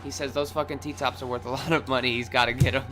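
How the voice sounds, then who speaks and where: A young man casually telling a wild personal story on his vlog, swearing freely, rambling, and acting out his own shouts. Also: medium pitch, level tone, fast, music in the background. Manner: loose and profane, acts out his own shouts.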